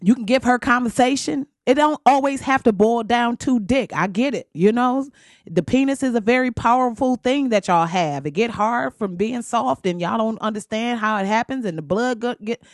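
Brief: young woman vlogger, candid and profane, slightly high voice, dry sound. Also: normal speed, no echo. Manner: blunt, profane and animated, laughing often. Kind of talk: candid casual monologue.

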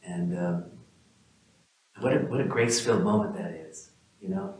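Low-voiced man giving a gentle spiritual talk. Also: big pitch swings, moderate pace, heavy reverb, poor audio. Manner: gentle, musing, addresses listeners by name. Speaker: spiritual teacher. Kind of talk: informal dharma talk.

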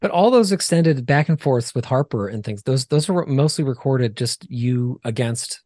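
A man's voice: medium pitch, expressive, moderate pace, darkish tone, no echo, clean studio sound. A man co-hosting a podcast, asking meandering interview questions with frequent restarts. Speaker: podcast co-host.

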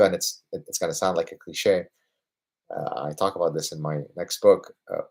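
A man in his fifties with a deep, slightly husky voice, hosting a livestream question-and-answer session. He argues his points emphatically, tagging them with rhetorical questions, and grows lively when he talks about work he loves. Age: 50s. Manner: emphatic, with rhetorical "right?" tags; lively, getting excited about his passions. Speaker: host answering viewer questions.

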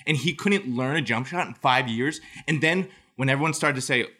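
A man's voice: mid-range voice, a little fast, pushed and bright, breathy edge. A man ranting crudely and emphatically as a guest on a casual podcast. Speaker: podcast guest, sports fan.

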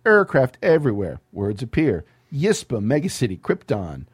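A podcast host, male, reads a screenplay aloud for his comedy show, his husky, medium-pitched voice swooping wildly as he goes at a moderate pace. He tosses in wry asides and laughs often at the material.

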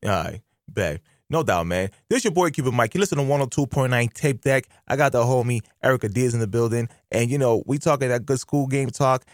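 A man hosting a casual radio interview, joking around in slangy, animated talk. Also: medium pitch, brisk, no room sound, studio quality. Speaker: radio host.

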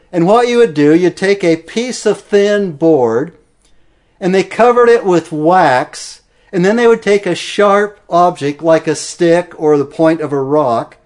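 Man preacher, slightly higher voice, earnest verse-by-verse sermon delivery. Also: a little mellow. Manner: earnest, explanatory, stresses key words. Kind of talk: expository sermon.

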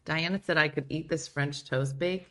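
A woman's voice: low-pitched, fairly even intonation, normal speed, bright, forceful tone. A woman hosting a casual livestream chat from home, playfully riffing on viewer comments. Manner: playful, reads viewer comments aloud and riffs on them. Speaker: show host.

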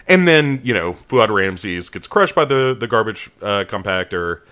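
A man co-hosting a podcast, chatting casually and jokingly about a film, laughing and putting on quick voices for the characters. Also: lowish voice, smooth. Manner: animated, laughing, jokey asides and quoted voices. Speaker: podcast co-host. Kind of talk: casual movie review chat.

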